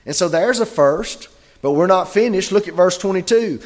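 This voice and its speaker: A man delivers a sermon in a relaxed, conversational way and slows down to read scripture aloud. His speaking voice sits a little high for a man. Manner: conversational preaching, reading scripture aloud slowly. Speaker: preacher. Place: church gathering.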